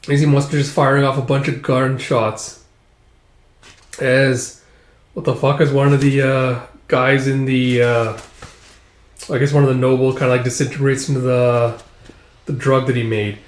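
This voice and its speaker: A man's voice: mid-range voice, little pitch movement, moderate pace, long pauses. A young man casually reading through a comic, narrating with lots of filler words and the occasional swear. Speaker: comic reader. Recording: roomy echo.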